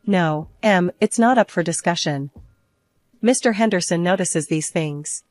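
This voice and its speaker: A woman's voice: on the low side, measured pace, a little mellow, no echo, natural voice. Woman voicing a cold, controlling husband. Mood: stern. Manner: firm, clipped, scolding.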